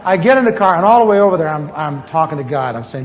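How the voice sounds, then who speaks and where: High-voiced man telling a story in a hall. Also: fast, few pauses, a little hiss or hum. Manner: animated storyteller, repeats words, chuckles. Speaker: preacher. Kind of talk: personal testimony sermon. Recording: dull lo-fi audio with long hall reverb.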